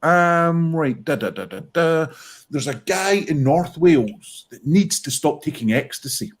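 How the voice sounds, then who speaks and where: A man's voice: on the high side, expressive, measured pace. A British man hosting an online pun contest, announcing scores and calling on players in a jokey, casual way. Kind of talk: casual online comedy chat.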